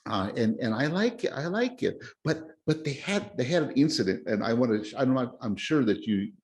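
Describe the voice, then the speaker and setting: Rambling excitable man, casual chat. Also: mid-range voice, brisk. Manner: rambling, excitable, many restarts. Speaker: podcast host. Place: lives in Japan.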